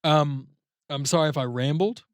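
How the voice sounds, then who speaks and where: A man co-hosting a podcast in casual chat, rambling as he pitches a story and acting out bits of it. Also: moderate pace, no room sound, studio quality. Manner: rambling, swears often, acts out voices. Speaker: podcast co-host.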